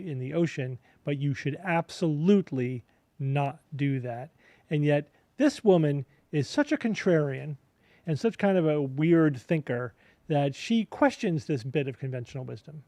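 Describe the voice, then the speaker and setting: Dry sarcastic man explaining calmly. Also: fairly high pitch, dry recording. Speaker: podcast co-host. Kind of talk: casual explanatory commentary.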